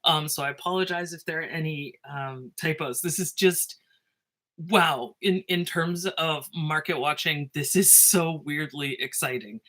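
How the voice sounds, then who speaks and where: A woman teacher talking casually to her students in a video made on her phone, excitable and animated, often breaking off and laughing. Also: low voice, a little slow.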